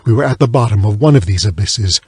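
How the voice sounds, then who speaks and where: A man reads a classic tale as an audiobook narrator, keeping a measured, somber delivery. His voice is husky with a breathy edge. The recording is dry and close, with no room sound. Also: lively intonation, a little mellow, no echo. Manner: measured, low, somber reading. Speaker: audiobook reader.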